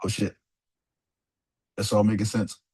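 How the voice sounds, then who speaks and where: A man's voice: lowish voice, completely flat delivery, a little slow, a little mellow, husky. A young man giving a casual, rambling trading lesson over a screen share, full of slang and swearing. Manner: laid-back slangy rambling, swears freely, calls listener dog and bro. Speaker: trading mentor.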